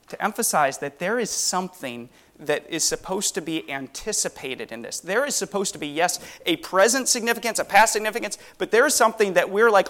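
A man's voice: a little high, a bit bright. Earnest man preaching a sermon. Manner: earnest, emphatic, rhetorical questions.

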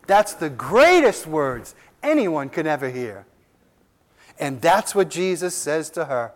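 A pastor delivers a sermon at an unhurried pace, his pitch sitting a bit above the usual for a man. He leans on repetition, swinging from near-shouted lines to hushed drops. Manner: emphatic preaching, repeating key lines, voice rising and dropping sharply.

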